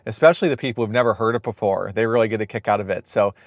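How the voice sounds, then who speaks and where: A man's voice: on the low side, rapid-fire, no echo. Guy doing the intro for his family's channel, talking right to viewers, dry sound. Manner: upbeat direct address to viewers. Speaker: host introducing the episode. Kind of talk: scripted intro to camera.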